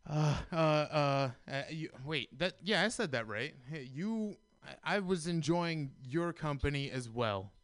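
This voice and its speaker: A man with a smooth, fairly high voice stammers through a halting goodbye at a very slow pace. The sound is dry and close. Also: animated, a bit bright, no echo. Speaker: comedian leaving the stage.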